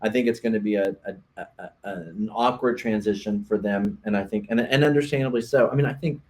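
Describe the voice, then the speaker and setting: A man's voice: on the low side, fairly quick, a little mellow. A man, a realtor, co-hosting a casual podcast chat, explaining earnestly and often restarting his sentences.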